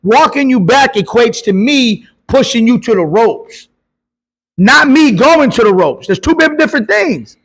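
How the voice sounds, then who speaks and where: High-voiced boxing coach arguing hard. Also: male voice, lively intonation, unhurried. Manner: emphatic, argues in bursts with repeated buts and profanity. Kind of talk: heated casual debate.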